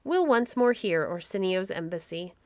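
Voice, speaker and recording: A woman's voice: fairly low pitch, lively intonation, moderate pace, a little mellow, no echo, close to an everyday voice. A woman reading aloud, voicing a proud, lovestruck young countess who speaks haughtily. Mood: imperious.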